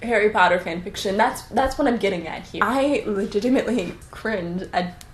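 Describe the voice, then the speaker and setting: A young woman vlogging casually and reading her old writing aloud in a self-mocking, animated way. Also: medium pitch, moderate pace. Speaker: YouTuber. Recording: echoey room with faint music.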